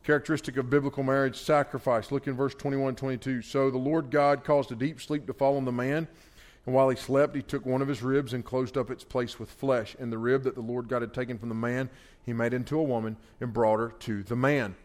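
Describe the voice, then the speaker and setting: A man preaching a sermon at a marriage conference, conversational, swinging between loud emphasis and quiet asides. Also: mid-range voice, fairly even intonation, a little fast. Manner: conversational preaching with loud bursts and soft drops. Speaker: pastor.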